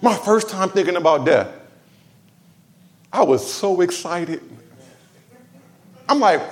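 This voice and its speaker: A man's voice: high voice, expressive, slow pace, pauses often. A man from Los Angeles preaching a sermon in church, talking conversationally with humor and asides to the congregation. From Los Angeles, USA. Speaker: pastor.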